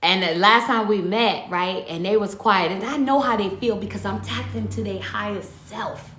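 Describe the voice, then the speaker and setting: Animated woman telling a spiritual story. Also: mid-range voice, normal speed. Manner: animated storytelling, emphatic, swears freely. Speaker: spiritual livestreamer. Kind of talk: casual livestream chat. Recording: echoey room.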